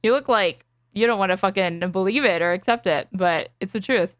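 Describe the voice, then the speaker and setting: A woman's voice: medium pitch, a little fast, no room sound, studio quality. A woman co-hosting a casual chat, blunt and laughing often, swearing freely. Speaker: co-host.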